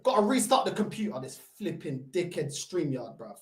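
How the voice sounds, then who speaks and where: A woman with a London accent hosting a football fan stream, ranting heatedly, shouting and swearing, and dropping into Portuguese curses. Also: fairly low pitch, sing-song, normal speed. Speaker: football fan channel host. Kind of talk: ranting live-stream reaction. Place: room at home by a computer. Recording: roomy echo.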